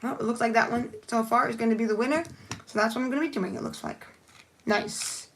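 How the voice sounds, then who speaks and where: A woman's voice: on the high side, steady tone, fairly quick. A woman chatting casually on a live stream while doing her nails, rambling and thinking aloud as she works. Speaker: nail art livestreamer.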